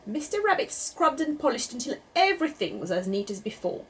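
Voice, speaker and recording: A woman reading a children's picture book aloud in an expressive, sing-song way. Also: high voice, fairly quick, breathy edge. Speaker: storyteller.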